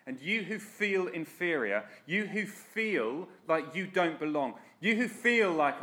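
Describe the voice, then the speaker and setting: A man's voice: a little high, expressive, normal speed, hardly any pauses, pushed and bright. A man preaching a sermon in an earnest, direct, exhorting way.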